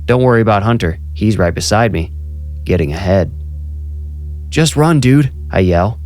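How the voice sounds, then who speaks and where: Low-voiced man narrating a horror story. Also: a little fast, darkish tone. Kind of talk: scripted first-person horror narration.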